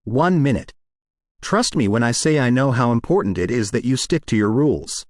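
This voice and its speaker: A man's voice: medium pitch, animated, normal speed, no echo, close to an everyday voice. Man reading as armored hero leader; insistent, urgent, dry close read. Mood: pleading. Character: earnest adult male armored hero leader.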